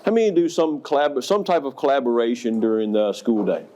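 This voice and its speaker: A man's voice: medium pitch, a little fast. A man who was a school principal, giving a professional development talk to educators and telling stories with audience questions. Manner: storytelling, animated, asks the audience questions.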